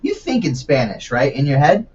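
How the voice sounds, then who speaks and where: A man hosting a casual podcast, chatting with quick reactions, questions and loose profanity. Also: mid-range voice, sing-song, darkish tone. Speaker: podcast host. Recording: distant, dull lo-fi mic.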